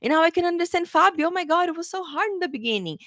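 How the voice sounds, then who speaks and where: A flustered young male language student, exasperated and hurried, his voice pitched up and bright, put on by a woman retelling a classroom story. The sound is dry and close, with no room echo around it. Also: lively intonation.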